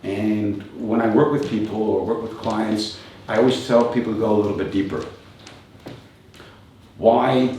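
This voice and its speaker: A man in his fifties with a fairly low voice, speaking as a coach to a live audience. He is reflective, poses rhetorical questions and chuckles along the way. He is heard from a distance in a very echoey room with faint background noise. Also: fairly even intonation, normal speed, pauses often, mellow. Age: 50s. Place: event venue with a live audience.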